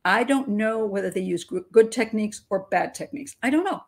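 A woman's voice: medium pitch, brisk, darkish tone. An older woman hosting her channel, giving frank, opinionated commentary on a criminal investigation. She talks through restarts and laughs between points. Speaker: criminal profiler, channel host. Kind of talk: casual commentary monologue.

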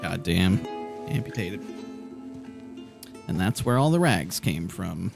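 A man's voice: deep voice, sing-song, takes it slowly, gravelly, music in the background. A man giving emotional, sweary let's-play commentary while playing a story game. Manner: emotional, swearing, laughing reactions. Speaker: gaming video host.

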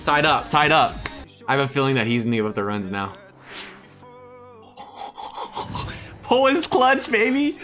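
A young man talks over his own game in a bright, forceful voice, jumping from loud hype to low muttering. He sounds close to a desk mic at home. Soft background music plays beneath him. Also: unhurried, long pauses. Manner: excitable, swings between hype shouts and muttered asides. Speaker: gaming YouTuber. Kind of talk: excited live gameplay commentary.

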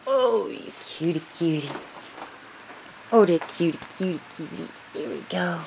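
A woman's voice: lowish voice, animated, a little slow, vocal fry, a little mellow. Woman cooing baby talk to puppies. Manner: cooing, sing-song, playful. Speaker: dog breeder filming puppies. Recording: noisy home video.

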